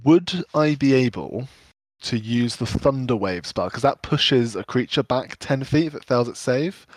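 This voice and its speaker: A man's voice: mid-range voice, lively intonation, measured pace, dry recording. Guy player at a tabletop game, joking around, dry mic. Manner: joking, reads rules aloud. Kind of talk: casual tabletop game talk.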